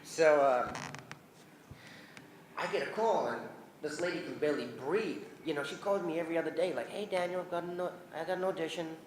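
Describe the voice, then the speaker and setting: Animated New Zealand man in a roomy hall. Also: fairly high pitch, brisk, slight background noise. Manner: lively, acts out voices in his anecdotes, laughs often. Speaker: convention guest. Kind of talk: animated storytelling Q&A. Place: convention hall.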